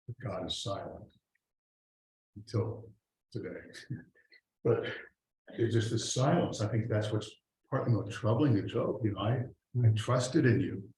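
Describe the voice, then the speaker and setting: Male Sunday school teacher, lowish voice, casual lecturing, roomy echoey church room with light hiss. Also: measured pace, long pauses, a little mellow. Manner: conversational, reads scripture aloud, trails off and restarts. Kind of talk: teaching a Bible class. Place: church classroom.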